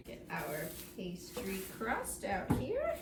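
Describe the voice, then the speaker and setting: A woman with a slightly high voice guides viewers through a recipe on her home baking show, joking around and chatting to her dough. Heavy background noise fills the recording, which is echoey and made with the mic far away.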